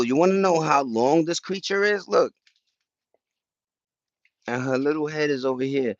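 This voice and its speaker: A man's voice: mid-range voice, expressive, measured pace, pauses often, fairly bright tone, no room sound, muffled recording. A man vlogging in a casual, slangy, rambling way, chatting loosely to his viewers from home. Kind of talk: casual chat to camera. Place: at home with plants and a cat.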